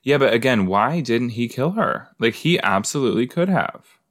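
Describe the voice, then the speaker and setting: A man's voice: mid-range voice, animated, normal speed, a bit bright, no echo, clean studio sound. A man hosting a casual watch-along podcast, chatting in a rambling way and talking to his listeners. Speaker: podcast host.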